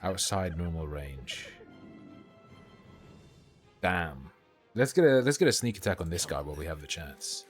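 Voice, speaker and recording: A low-voiced man streams a game live, talking loosely to himself and his chat with lively ups and downs in his pitch. He mutters, swears freely and reacts as he plays, with faint game music underneath. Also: measured pace, pauses often. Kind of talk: live gameplay commentary.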